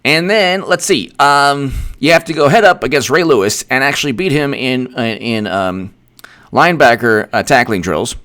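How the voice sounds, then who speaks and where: Animated, rambling male political commentator. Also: medium pitch, moderate pace. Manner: rambling, repetitive, animated asides with laughs. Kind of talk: casual livestream commentary.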